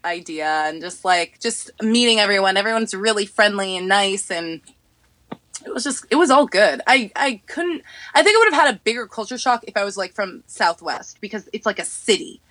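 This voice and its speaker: A young woman from New York telling stories in a casual podcast chat, animated and acting out the people she quotes. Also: medium pitch, moderate pace, dry recording. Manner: animated storytelling, acting out others in quoted voices, laughing often. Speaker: podcast guest.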